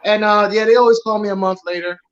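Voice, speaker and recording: A man's voice: high-pitched, steady tone, fast talker, dull audio. A man who services aquariums, chatting casually and sounding a bit aggrieved. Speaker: aquarium maintenance service owner. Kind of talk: casual podcast chat.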